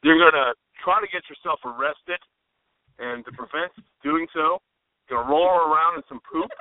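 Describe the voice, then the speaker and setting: A man's voice: a little high, moderate pace, dry recording. A man co-hosting a radio chat, playful and spinning silly riffs. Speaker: radio show co-host. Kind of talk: casual comedic chat. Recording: dry, tinny phone-like line.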